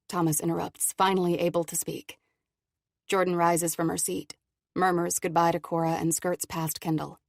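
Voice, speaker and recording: A woman narrating an audiobook in an even, measured way. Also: on the low side, vocal fry, no room sound, studio quality. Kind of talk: scripted narration.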